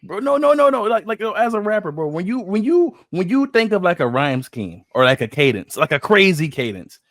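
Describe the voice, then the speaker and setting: Man, lively casual co-host, laughs easily, bit high, dry close mic. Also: brisk, no echo. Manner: animated, laughs a lot, excited about rap craft. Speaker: co-host reacting to a song. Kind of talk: casual reaction chat.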